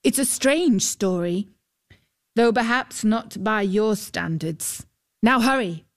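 A woman's voice: medium pitch, expressive, takes it slowly. A woman voicing an earnest young male knight in a storybook reading, with formal old-fashioned speech.

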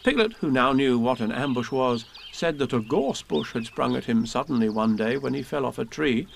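A man reading children's poems and a storybook aloud in a gentle, expressive way. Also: medium pitch, normal speed, gravelly, slight background noise. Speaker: reader.

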